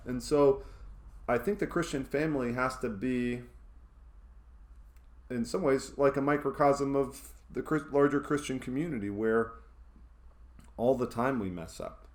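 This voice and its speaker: A man in his thirties, a church staff member, talking casually to camera and telling a self-mocking story, rambling with fillers. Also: medium pitch.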